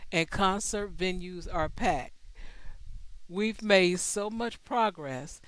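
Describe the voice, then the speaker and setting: A woman's voice: on the low side, no room sound, low-quality recording. A woman hosting a show, reading news articles aloud and reacting with sarcastic asides. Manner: sarcastic asides, breaks into laughter. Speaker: host.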